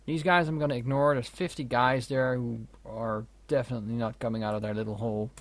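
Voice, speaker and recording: A man's voice: medium pitch, steady tone, brisk, no room sound. A man giving casual, wry commentary while playing a strategy game, swearing now and then. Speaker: let's play host. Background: keyboard and mouse clicks.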